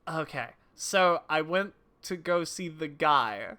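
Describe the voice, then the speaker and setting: A woman's voice: sits low, lively intonation, slow, pushed and bright. A woman streamer chatting casually with her viewers while playing a game, chatty and self-deprecating. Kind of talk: casual livestream chat while gaming.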